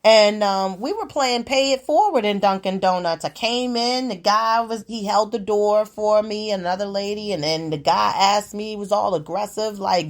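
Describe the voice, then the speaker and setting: A woman hosting her own show, telling everyday stories in a sassy, profane, animated way. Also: mid-range voice, normal speed, few pauses. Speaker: podcast host. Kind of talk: casual storytelling monologue.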